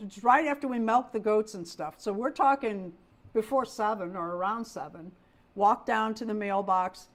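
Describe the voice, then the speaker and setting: A woman's voice: mid-range voice, normal speed. A middle-aged woman hosting a casual livestream, talking through a story with plenty of feeling. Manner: chatty storyteller, talks with feeling. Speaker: host of a doll livestream.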